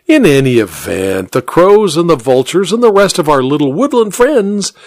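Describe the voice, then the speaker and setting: A man reading an audiobook, voicing a cold, gloating woman killer with a slightly raspy voice and a calm, mocking manner. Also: mid-range voice, no room sound, close to an everyday voice.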